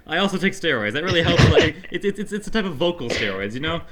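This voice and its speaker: Young man joking over loud crowd noise. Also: a little high, expressive, rapid-fire, few pauses. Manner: rambling, laughing, stammering restarts. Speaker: player in an improv party game. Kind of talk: joking improv pitch among friends.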